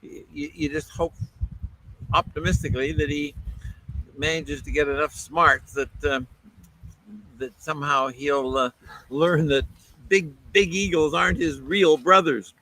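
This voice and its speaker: A man co-hosting an outdoor livestream, answering a viewer question in a halting, thoughtful way. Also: fairly high pitch, steady tone, sharp tone, low-quality recording. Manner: hesitant, many fillers and restarts, thoughtful. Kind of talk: casual livestream chat.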